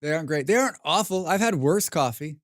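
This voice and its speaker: A man's voice: on the high side, expressive, fast talker, no echo, studio quality. An American man chatting casually while streaming a game, rambling and swearing with self-mocking asides. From United States.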